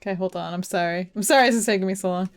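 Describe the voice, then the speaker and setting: A woman talks rapid-fire in a medium-pitched voice while streaming a game. Her live commentary is casual and chatty, full of self-deprecation and frequent laughter.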